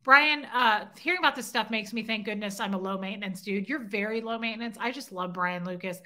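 A woman's voice: mid-range voice, brisk, sharp tone. A woman hosting a casual livestream, chatting with viewers and reading their comments aloud, self-deprecating and teasing. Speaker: livestream host. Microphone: phone.

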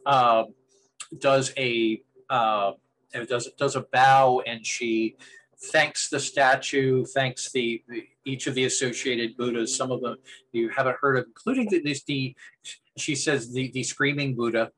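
A man running a tabletop role-playing game, narrating what happens in a mid-pitched, conversational voice. He wanders through his sentences and restarts often as he describes the scene. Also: steady tone, measured pace, a bit bright, rough recording. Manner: meandering narration with frequent restarts. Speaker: game master.

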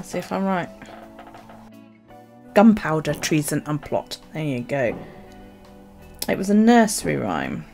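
A woman's voice: on the low side, gravelly, a little mellow. A middle-aged woman, a journaling vlogger, telling stories in a casual, chatty way and swearing freely. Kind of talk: casual chat.

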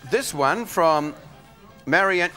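A man's voice: fairly high pitch, lively intonation, slow, sharp tone, soft background music. A man hosting a live variety show, casually reading viewer letters with chatty, playful asides and chuckles. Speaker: host.

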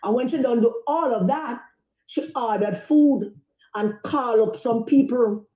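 A woman's voice: fairly high pitch, measured pace, dark tone, reverberant, lo-fi sound. An angry, agitated woman with a Jamaican accent, speaking out in a heated phone voice note. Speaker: politician in a voice note.

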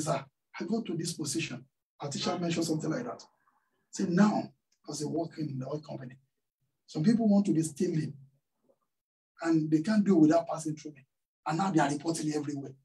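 Pastor preaching from a distance. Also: male voice, on the high side, warm tone. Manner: storytelling with call-and-response questions to the congregation. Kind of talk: sermon. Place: church hall.

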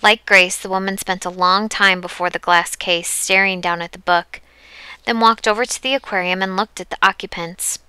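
Bright, clear woman narrator. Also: mid-range voice, moderate pace, no room sound. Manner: steady, even storytelling. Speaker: audiobook narrator. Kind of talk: scripted narration.

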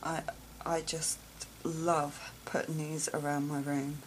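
A woman showing gifts on camera in a casual vlog, gushing with soft exclamations and whispers of awe. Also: deep voice, level tone, takes it slowly, slight background noise, low-quality recording. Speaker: vlogger unboxing gifts. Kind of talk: casual show-and-tell unboxing.

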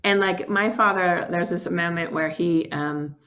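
A woman's voice: lowish voice, measured pace, fairly bright tone. A woman filmmaker telling personal stories in a candid, emotional way, with many "like" fillers, over a video call. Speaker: documentary filmmaker guest. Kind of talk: candid conversational storytelling.

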